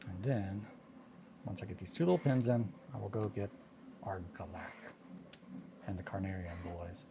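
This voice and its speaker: A man's voice: low-pitched, moderate pace, creaky, pauses often, background noise. A man hosting a casual hobby livestream, talking to himself and coaxing tiny parts into place as he builds miniatures. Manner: mutters and coaxes at fiddly parts, self-talking.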